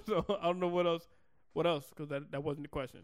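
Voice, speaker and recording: A man with a somewhat high voice banters as a podcast co-host, teasing and quick to laugh. He sounds relaxed and playful. The recording is dry and close. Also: dry recording. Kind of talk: casual chat.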